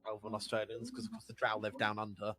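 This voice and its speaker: A man's voice: fairly low pitch, monotone, fast talker. A man playing a tabletop game, joking and rambling with lots of filler. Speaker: player. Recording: crowd chatter behind.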